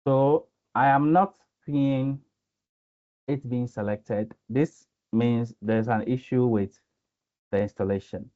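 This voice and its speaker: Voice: medium pitch, phone-quality sound. A coding instructor from Ghana, teaching in a live-streamed lesson. The instructor is chatty, laughs often and reads out the viewers' chat.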